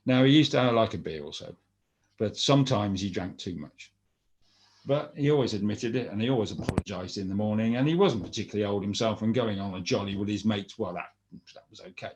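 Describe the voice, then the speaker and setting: A man's voice: lowish voice, fairly quick, darkish tone. A man telling a folktale aloud in a chatty, rambling way, with asides to his listeners. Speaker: storyteller.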